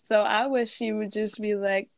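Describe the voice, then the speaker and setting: A young adult woman in a casual podcast chat who speaks hesitantly, laughs easily and lets her sentences trail off softly. Her voice sits at a medium pitch for a woman. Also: little pitch movement, moderate pace, gravelly. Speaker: guest, daughter.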